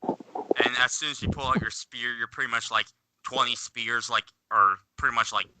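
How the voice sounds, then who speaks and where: A man's voice: mid-range voice, steady tone, moderate pace, very noisy. A man narrating as game master of a tabletop game, loose and rambling, filling his talk with "like".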